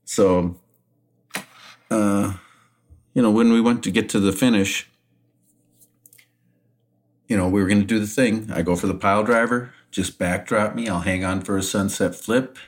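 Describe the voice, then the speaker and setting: A man co-hosting a podcast, telling a backstage anecdote in a casual, animated way and laughing often. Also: lowish voice, normal speed, pauses often. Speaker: podcast co-host, retired wrestler. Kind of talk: casual storytelling.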